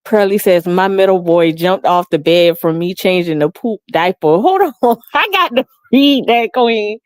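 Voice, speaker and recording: Woman livestream host, slow lively delivery, dry close sound. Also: no room sound. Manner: animated, laughs often, acts out quotes in high voice. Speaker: livestream host reading chat comments. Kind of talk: casual storytelling chat.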